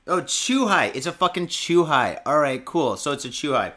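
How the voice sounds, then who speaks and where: A man's voice: on the high side, very animated, moderate pace, few pauses, a bit bright. A man hosting a podcast, telling rambling, profane stories in casual chat. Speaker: podcast host.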